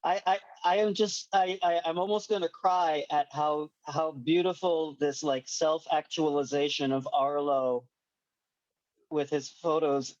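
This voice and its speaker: Guy player stumbling over his words, slightly high voice, dull dry recording. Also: steady tone, measured pace, a little mellow, no room sound. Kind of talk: in-character narration at a game table.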